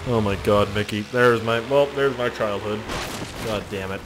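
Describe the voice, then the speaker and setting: A young man casually commentating a video game, swearing often and joking loudly. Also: on the low side, moderate pace, a little hiss or hum. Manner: profane, goofy, excitable. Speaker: gaming YouTuber. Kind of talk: casual let's-play commentary.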